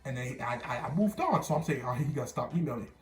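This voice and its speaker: A man's voice: mid-range voice, animated, fast, reverberant. A young man from New Jersey telling a casual story to his viewers, rambling and slangy, often restarting and repeating words.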